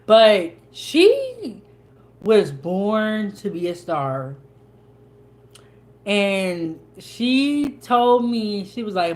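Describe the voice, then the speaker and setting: Slow-talking chatty woman host. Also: mid-range voice, sing-song, darkish tone. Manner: chatty, folksy, with dialect grammar. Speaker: cooking channel host. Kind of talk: casual chat while eating.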